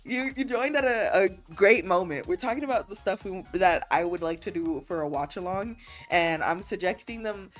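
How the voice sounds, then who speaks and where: A woman's voice: on the low side, normal speed, soft background music. A woman livestreamer in a casual chat, laughing often and teasing as she reads chat messages aloud and answers them. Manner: playful, teasing, animated.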